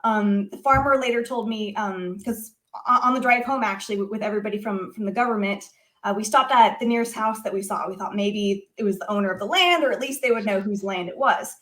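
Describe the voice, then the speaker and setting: A woman, a guest on a talk show, telling a personal story in an animated conversational way with many filler words. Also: mid-range voice, brisk. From United States. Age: adult.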